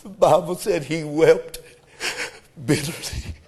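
A man preaching a sermon with fervent delivery that swells into shouts. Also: a little high, steady tone, slow pace, husky.

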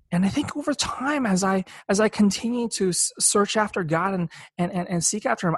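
A man's voice: on the high side, a bit bright, no room sound. Earnest young man sharing a faith testimony. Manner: earnest, reflective, repeats words when emotional. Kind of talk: personal testimony.

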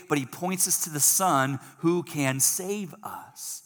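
A male pastor preaching a sermon in a church, animated and emphatic, swinging from loud emphasis to soft, earnest passages. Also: on the high side, normal speed, few pauses. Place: church service hall. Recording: long reverb of a large hall.

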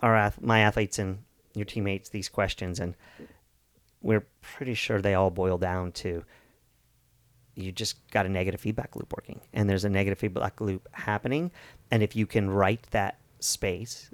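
A man's voice: lowish voice, fairly even intonation, moderate pace, dry recording. A man coaching athletes, talking reflectively in a casual chat and often restarting mid-phrase.

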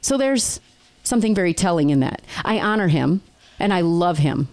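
A woman's voice: on the low side, expressive, normal speed, a little mellow. A middle-aged woman hosting a casual chat, telling stories and laughing often. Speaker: podcast host.

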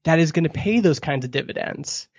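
Brisk and lively in intonation, a podcast guest who works in product marketing offers animated advice in conversation. He acts out quoted questions with his pitch jumping up. His voice is slightly rough, and the lo-fi recording sounds dull and dry, with no echo.

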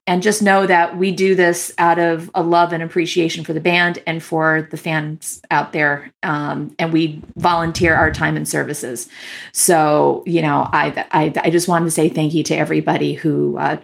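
A woman co-hosting a fan podcast talks in a loose, casual way, stopping on fillers and restarting her sentences. Her voice sits a little low and has a gravelly rasp. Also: fairly even intonation, a little slow. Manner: chatty, thankful, with fillers. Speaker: podcast co-host. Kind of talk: casual chat.

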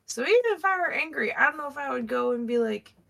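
Gravelly-voiced woman podcast co-host. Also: high-pitched, animated, quick pace, pushed and bright. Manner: hedging, thoughtful, swearing. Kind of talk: casual chat recapping a TV episode.

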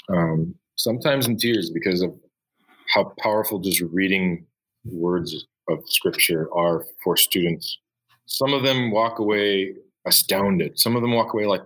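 A middle-aged man, a high school Bible teacher, telling classroom stories with enthusiasm in an interview. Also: measured pace, a bit bright, rough recording. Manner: enthusiastic storyteller, acts out voices. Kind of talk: conversational interview.

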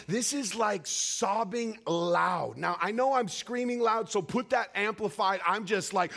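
A man preaching a sermon, telling a personal story with emotional swings between raised cries and hushed, quiet passages. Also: moderate pace, vocal fry, hardly any pauses. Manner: emotional storytelling with sweeping highs and hushed lows.

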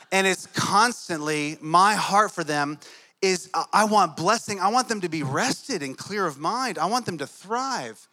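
Bright-voiced conversational male preacher. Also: high-pitched, animated, unhurried. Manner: conversational, tells family stories. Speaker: pastor. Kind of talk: sermon.

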